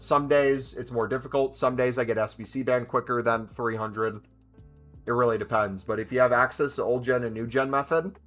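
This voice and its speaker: A man's voice: medium pitch, fairly bright tone. A man streaming a video game, chatting casually and answering viewers' questions as he plays. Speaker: gaming streamer. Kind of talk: casual live-stream commentary.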